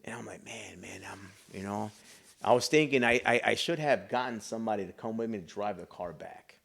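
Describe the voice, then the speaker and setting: A man's voice: fairly low pitch, quick pace, creaky, a bit bright. Earnest man telling his story. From Chicago. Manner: earnest, emotional storyteller acting out dialogue. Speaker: guest. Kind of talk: storytelling in a podcast interview.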